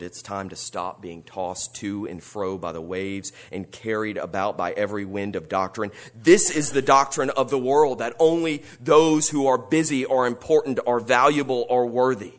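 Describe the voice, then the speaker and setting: A man preaching a sermon, earnest, moving between quiet reflection and rising, emphatic appeals. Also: medium pitch, moderate pace, hardly any pauses. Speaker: pastor.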